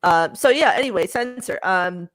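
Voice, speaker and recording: A woman's voice: mid-range voice, expressive, normal speed, a bit bright. A woman co-hosting a horror film podcast, chatting casually with many fillers, restarts and frequent giggles. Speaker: podcast co-host. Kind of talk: casual chat.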